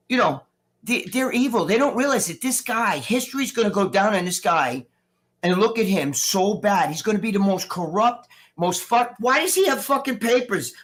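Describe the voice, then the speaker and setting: In a relaxed live-stream conversation, a middle-aged male guest who is recovering from surgery launches into a rambling, swear-filled rant. His voice sits high and sounds a bit bright.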